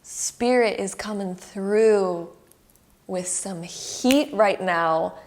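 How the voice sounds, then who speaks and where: A woman's voice: mid-range voice, extremely slow. A young woman reads tarot cards for her viewers in a loose, chatty way, with "like" peppered through her sentences. She gets openly emotional as she talks, and she sits close to her camera. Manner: chatty and effusive, heavy use of "like", emotional. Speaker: tarot reader. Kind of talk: casual pick-a-card tarot reading to camera.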